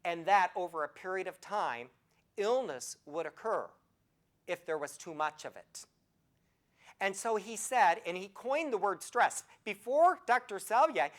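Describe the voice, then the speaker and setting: A woman in her sixties, a nursing professor, giving a health talk to an audience as an animated storyteller who asks her listeners direct questions. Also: fairly low pitch.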